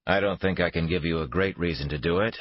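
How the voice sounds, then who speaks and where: A man's voice: low voice, fast talker, no room sound, lo-fi sound, close to an everyday voice. A man voicing a battered, plain-spoken private investigator, in an audiobook. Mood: candid.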